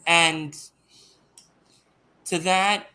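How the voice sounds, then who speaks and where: A man co-hosting a wrestling podcast, talking in a measured way and setting facts straight. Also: fairly high pitch, fairly even intonation, sharp tone, smooth. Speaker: podcast co-host. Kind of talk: casual wrestling chat.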